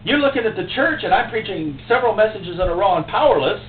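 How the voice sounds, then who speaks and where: A man preaching a sermon as pastor, emotional and impassioned, with sudden loud outbursts. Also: high-pitched, animated, fast. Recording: echoey, tinny phone-like recording with faint hum.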